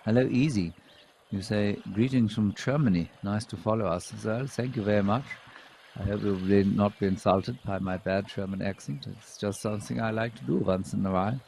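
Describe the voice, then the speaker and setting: A man commentates on live wildlife footage in a low, warm voice, chatting easily with viewers. His humor is dry and deadpan. Faint outdoor bird ambience sits behind him. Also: normal speed, vocal fry, slight background noise. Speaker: wildlife show host.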